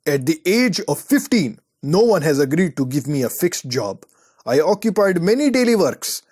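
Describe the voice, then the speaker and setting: A man voicing a hitman who tells his own backstory in a vague, put-on accent and a lowered, solemn tone. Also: darkish tone.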